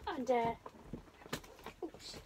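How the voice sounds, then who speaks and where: A woman's voice: very slow, darkish tone. Woman vlogger with a runny nose, chatty and meandering, recorded at home with faint background noise. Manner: rambling, self-deprecating, with restarts. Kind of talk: casual film recap.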